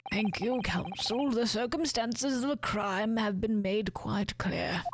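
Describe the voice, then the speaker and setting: A woman reading the lines of a stern old male judge in a slow, formal manner. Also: medium pitch, faint music behind, lightly acted. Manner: measured, formal.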